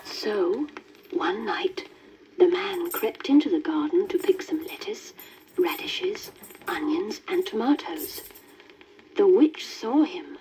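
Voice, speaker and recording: A woman reading a children's storybook aloud in a gentle, lilting manner. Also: mid-range voice, sing-song, takes it slowly. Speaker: story reader. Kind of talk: scripted storybook narration. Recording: dull worn vinyl record with faint hiss.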